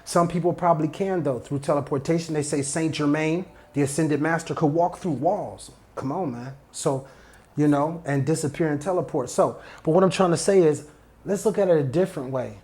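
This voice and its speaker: A man's voice: a little high, moderate pace, a little mellow. A man talking through a solo podcast in a loose, repetitive style. He drifts off on tangents and circles back, punching key phrases by saying them again and again. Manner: repetitive, emphatic, digressive street-casual talk. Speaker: podcast host. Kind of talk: solo motivational podcast monologue.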